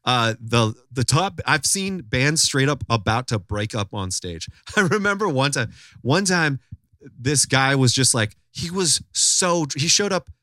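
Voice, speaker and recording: A man hosting a podcast, telling a story in loose, animated, profane casual chat. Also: mid-range voice, unhurried, no echo, clean studio sound. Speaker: podcast host.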